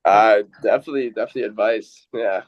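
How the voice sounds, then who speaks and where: A man's voice: fairly low pitch, fast, dry recording, highs cut off. A man, an entrepreneur guest, telling a story in casual podcast chat, rambling with many fillers.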